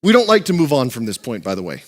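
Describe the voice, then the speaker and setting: A man's voice: mid-range voice, wildly swooping pitch, quick pace. A male pastor preaching a sermon in a joking, conversational way.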